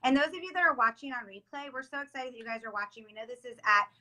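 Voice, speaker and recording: A woman hosting a live video stream, upbeat and gushing, often saying how excited she is, talking over a video call from home. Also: on the high side, fast talker. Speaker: host. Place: home in South Florida.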